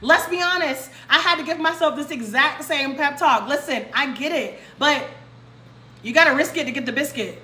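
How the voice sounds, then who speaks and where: Loud, passionate woman streaming live. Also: high-pitched, normal speed. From North Carolina, US. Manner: loud, passionate, swears freely. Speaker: livestream host. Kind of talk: casual livestream Q&A. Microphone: phone livestream. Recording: echoey room with loud background noise.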